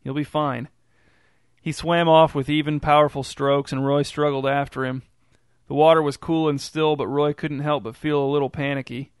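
A man reads a story aloud with an unhurried, even delivery. His voice is smooth and resonant, and his intonation barely moves. The recording is dry and close. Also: a little high, dry recording. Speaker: narrator. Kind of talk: scripted story narration.

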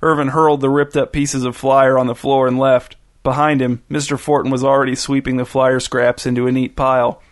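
A man reading a story aloud in a steady, even narrating voice. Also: mid-range voice, fairly quick, hardly any pauses.

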